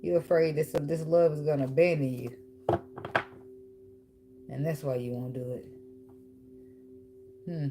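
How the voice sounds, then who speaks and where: Low-voiced, blunt and profane woman tarot reader. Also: fairly even intonation, unhurried, pauses often, very noisy. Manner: blunt, profane and teasing, with frequent laughs. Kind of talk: casual tarot reading.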